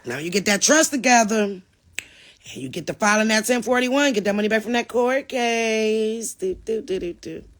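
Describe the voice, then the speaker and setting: A woman's voice: a little high, animated, normal speed. A middle-aged woman hosting a livestream, casually reading and answering viewer comments and addressing them as y'all.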